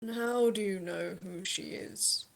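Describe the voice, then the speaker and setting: A woman narrating a tabletop game as game master, in a hesitant manner with many pauses and ums. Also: mid-range voice, gravelly.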